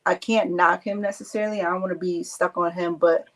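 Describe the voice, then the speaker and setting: A panelist speaking in a measured, hesitant way in a casual podcast discussion. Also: mid-range voice, steady tone, fairly bright tone.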